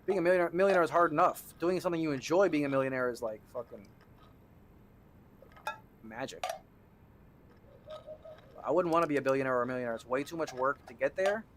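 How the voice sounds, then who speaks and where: A young man streaming a game, chatting loosely with viewers, joking and swearing with sudden excited outbursts. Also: a little high, brisk, long pauses, slight background noise. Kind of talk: casual gameplay commentary.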